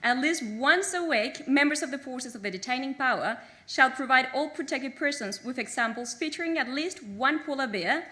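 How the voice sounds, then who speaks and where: A woman reads mock legal articles at a graduation ceremony in a crisp, formal way with a playful undertone. Her voice is high and bright, and it cuts through clearly. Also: lively intonation, normal speed, few pauses. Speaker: graduating student presenter.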